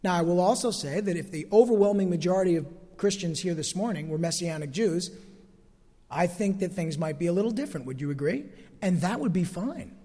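A man's voice: sits high, expressive, fairly quick, warm tone. A man preaching a sermon as pastor from the pulpit of a church sanctuary, emphatic, stretching key phrases and asking the congregation for amens. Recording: long hall reverb.

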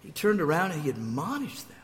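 A man's voice: on the high side, very animated, brisk, in a large hall. An older man preaching a sermon, telling stories with restarts and acting out quotes. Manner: storytelling with restarts, acts out quotes. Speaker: pastor.

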